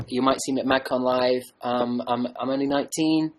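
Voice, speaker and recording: A man's voice: mid-range voice, level tone, moderate pace, few pauses, darkish tone, poor audio. A man rambling on a livestream, joking and mocking himself as he tries to sign off, talking into a webcam mic at home. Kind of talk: rambling casual livestream chat.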